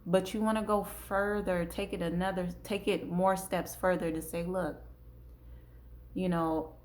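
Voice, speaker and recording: A woman's voice: fairly low pitch, fairly even intonation, moderate pace, darkish tone. A woman hosting a parenting talk, speaking casually with features, acting out little example dialogues and circling back to her points. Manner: conversational, gives acted examples, repeats herself. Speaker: parenting channel host.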